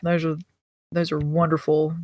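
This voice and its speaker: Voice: medium pitch, completely flat delivery, normal speed, dark tone, slight background noise. A podcast co-host chatting casually, enthusiastic and joking. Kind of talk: casual chat.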